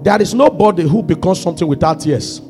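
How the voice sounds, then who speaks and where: A man preaching a sermon as pastor, swinging between shouted climaxes and hushed low passages. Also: expressive, quick pace, soft background music.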